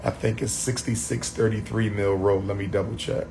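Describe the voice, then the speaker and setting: A man chatting on a livestream, losing his voice, repeating shout-outs to his viewers. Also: fairly low pitch, flat delivery, normal speed, gravelly, slight background noise. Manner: repetitive, call-and-response shout-outs to viewers. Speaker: livestream host. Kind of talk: casual livestream chat.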